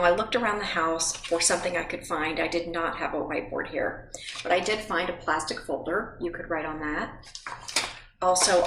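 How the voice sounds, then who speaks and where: A woman teaching a phonics lesson to children at home, speaking slowly and patiently and spelling words out letter by letter. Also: on the low side, background noise. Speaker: reading teacher.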